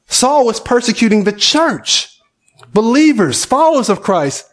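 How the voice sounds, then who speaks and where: A man's voice: sits high, lively intonation, normal speed. A male pastor preaching a conversational sermon, often asking his listeners questions.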